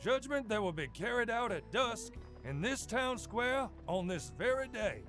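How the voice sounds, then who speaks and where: A man's voice: very high voice, big pitch swings, unhurried, a bit bright, faint music behind, exaggerated voice. Man playing a stern frontier sheriff. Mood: solemn. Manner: solemn, proclaiming. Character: stern middle-aged male western sheriff.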